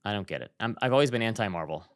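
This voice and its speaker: A man's voice: lowish voice, rapid-fire, no echo, clean studio sound. Chatty male podcast co-host. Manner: animated, chatty storytelling. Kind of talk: casual chat.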